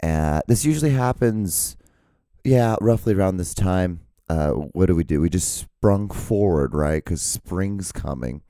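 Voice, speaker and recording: A hoarse man with a low, dark, gravelly voice, like he has been smoking heavily, rambling through his solo podcast. He jokes and swears freely, close to a dry-sounding mic. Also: lively intonation, measured pace, no room sound. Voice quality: gravelly, smoker-like. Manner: loose, joking, swears freely. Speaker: podcast host.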